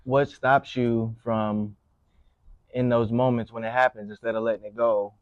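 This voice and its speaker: A man's voice: medium pitch, fairly even intonation, normal speed, no echo. A man on a podcast asking long, probing questions in a casual chat. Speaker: podcast co-host. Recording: dry, muffled sound.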